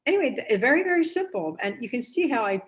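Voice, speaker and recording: A woman's voice: a little high, big pitch swings, quick pace, poor audio. A middle-aged woman hosting a casual painting tutorial, chatty and upbeat, often rambling with "anyway" and "um". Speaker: art teacher and host.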